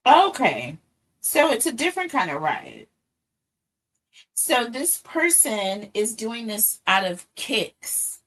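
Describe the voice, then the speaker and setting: A woman's voice: a little high, big pitch swings, slow, fairly bright tone, rough recording. A woman giving a casual tarot reading, musing aloud and checking in with her listeners. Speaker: tarot reader.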